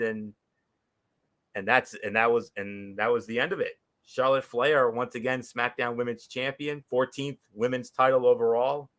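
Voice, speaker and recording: A young man hosting a casual wrestling recap, excitable, often repeating and restarting his words. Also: medium pitch, moderate pace. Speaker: wrestling show recap host.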